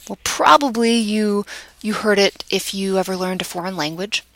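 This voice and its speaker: A woman lecturing in a measured, explanatory manner, now and then restarting her phrases. Her voice carries a light gravelly fry, recorded dry with little room sound. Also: mid-range voice, fairly even intonation, fairly bright tone, no echo, rough recording.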